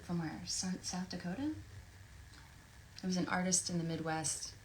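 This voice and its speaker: A woman's voice: fairly low pitch, flat delivery, normal speed, a little hiss or hum, low-quality recording. A woman from Tennessee, a voice actress chatting playfully from home while she signs autographs during a live stream. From Tennessee, USA. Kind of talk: casual livestream chat. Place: home, near her recording booth. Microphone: desk microphone.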